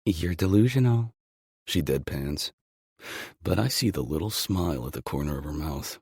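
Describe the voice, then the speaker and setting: A man narrating a romance audiobook in the first person with calm, intimate storytelling. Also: very deep voice, normal speed, creaky, breathy edge, no echo, clean studio sound.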